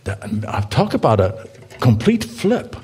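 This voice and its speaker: A man's voice: medium pitch, very animated, unhurried, a little mellow. A man preacher giving a conversational sermon in church, reading scripture aloud and inviting the congregation to read along, with playful asides to the listeners. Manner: reads scripture aloud and asks the congregation to join in.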